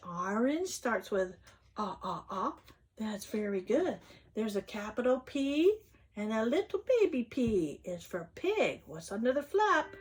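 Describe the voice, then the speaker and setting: A woman's voice: a little high, sing-song, fairly bright tone. A woman reading an alphabet picture book aloud to young children, sounding out each letter and gasping with delight when she lifts the flaps. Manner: slow, sing-song phonics sounding out, gasps at flaps. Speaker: children's read-aloud host.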